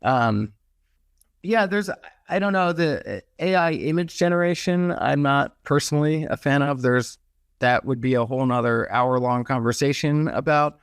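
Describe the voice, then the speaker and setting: Male podcast guest, mid-pitched, conversational and rambling, dry close sound. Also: moderate pace, clear, resonant tone, dry recording. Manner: conversational, many restarts and hedges. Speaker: podcast guest, merch business owner.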